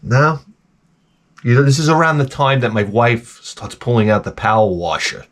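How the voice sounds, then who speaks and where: A man's voice: medium pitch, moderate pace. A man giving a profane, rambling comic rant to camera. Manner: profane, animated, jumps between tangents. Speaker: vlogger.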